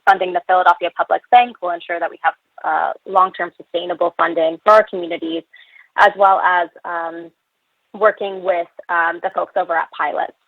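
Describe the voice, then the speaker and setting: A woman's voice: lowish voice, dry recording. A woman reading prepared testimony at a public budget hearing, earnest, with fillers between her points. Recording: tinny phone line, dry.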